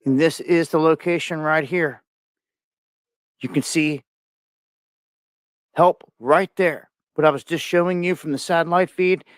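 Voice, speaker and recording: Man, screen-share commentary, conspiratorial, somewhat high voice, dry. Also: steady tone, a little slow, pauses often, clean tone, dry recording. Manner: conspiratorial, pointing things out.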